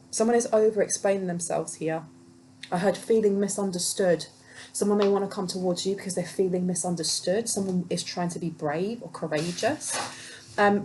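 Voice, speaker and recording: A woman in her thirties gives a casual tarot reading to camera. Her voice sits at a middle pitch and she rambles easily, often saying um and restarting as she passes on channeled messages. Faint room ambience from a home with the windows open runs behind her. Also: a little mellow, a little hiss or hum, low-quality recording. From Britain. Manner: chatty and rambling, reports channeled messages, many ums and restarts. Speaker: tarot reader.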